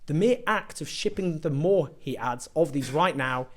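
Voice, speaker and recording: A British man delivers a heated political monologue straight to camera, his voice sitting a touch high for a man. He is sarcastic and indignant, firing off rhetorical questions and mocking what he quotes. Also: lively intonation, normal speed. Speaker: political commentator.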